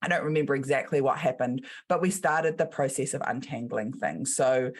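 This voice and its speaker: A woman's voice: rumbling low, normal speed. A middle-aged woman with a New Zealand accent, a business coach guest who tells her story casually and acts out the quotes in it.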